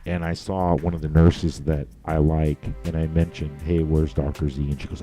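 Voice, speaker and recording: A deep-voiced man co-hosting a loose, profane talk show. His tone is dark and mellow as he tells a story and throws himself into the voices of the people in it. Faint music plays beneath him. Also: little pitch movement, normal speed, few pauses. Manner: crude, swears freely. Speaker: podcast co-host. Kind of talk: casual storytelling chat.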